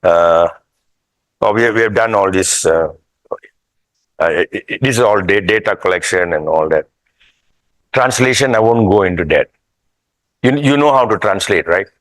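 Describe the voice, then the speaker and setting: A man's voice: low voice, lively intonation, moderate pace, long pauses, no echo, poor audio. A man giving a casual, rambling lecture at a workshop, often checking that the audience follows him. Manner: rambling, conversational, with restarts and asides. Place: hotel workshop room.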